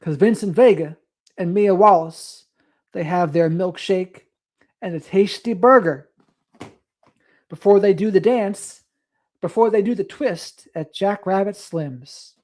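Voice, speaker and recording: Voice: medium pitch, unhurried, pauses often, darkish tone. A livestream host chatting casually late at night, reading out viewer comments and drifting into rambling asides. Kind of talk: casual late-night live stream chat.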